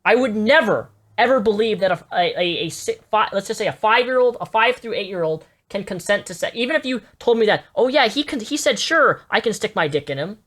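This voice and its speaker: A woman's voice: mid-range voice, lively intonation, brisk, few pauses, fairly bright tone. A woman giving live reaction commentary, blunt and profane, stammering and repeating herself as she gets worked up.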